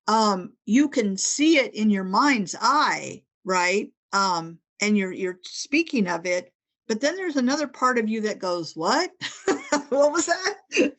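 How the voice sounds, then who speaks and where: A middle-aged woman speaking as a podcast guest, retelling what happened to her in a loose, conversational way. She slips into the voices of the people in her story and often restarts her sentences. Her pitch sits in an ordinary middle range. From Northern California. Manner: animated storytelling, quoting others in dialogue, frequent restarts. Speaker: author and UFO investigator, podcast guest. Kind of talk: casual interview storytelling.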